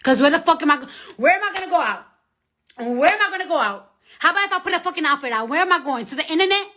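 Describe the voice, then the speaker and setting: A young woman chatting on a phone live stream at home, profane and rambling, swinging from loud outbursts to hushed whispers. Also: high-pitched, animated, racing. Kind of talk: casual live-stream chat.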